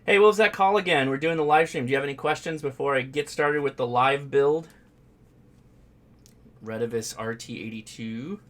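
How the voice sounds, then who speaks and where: A man's voice: mid-range voice, normal speed, a bit bright. A man hosting a ham radio live stream, chatting casually and rambling with fillers and restarts.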